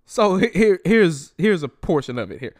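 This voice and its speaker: A young man hosting a solo podcast, ranting in a profane, animated way and mocking people in quoted voices. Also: high voice, normal speed. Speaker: podcast host.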